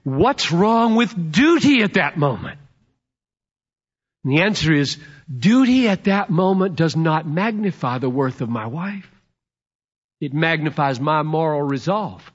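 A man in his fifties preaching a sermon, emphatic and playful, swinging from loud to hushed. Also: fairly high pitch, very animated, unhurried, slightly rough, lo-fi sound. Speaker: pastor.

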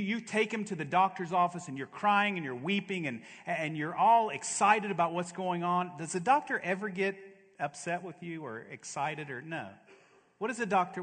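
A man preaching a sermon as a pastor, with dramatic delivery that swings from loud to hushed. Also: a little high. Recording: long reverb of a large hall.

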